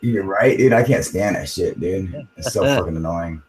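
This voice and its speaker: Dude cursing every other word on a livestream, kinda low voice, laid back. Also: male voice, expressive, normal speed, darkish tone, rough recording. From United States. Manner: profane, laid-back, says dude a lot. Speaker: livestream host. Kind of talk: casual livestream chat.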